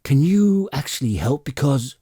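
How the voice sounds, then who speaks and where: A man's voice: medium pitch, very animated, warm tone, breathy edge, dry recording, clean studio sound, voice pushed up. A man voicing a flustered, evasive male alien adventurer who stammers and pleads in a hurry, as a character voice in an audiobook reading. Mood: nervous, pleading. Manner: stammering with many "uh"s and hurried pleading.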